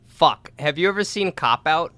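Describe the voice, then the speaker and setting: A man co-hosting a podcast who excitedly retells movie scenes in casual chat. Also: on the high side, moderate pace, dry recording. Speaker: podcast co-host.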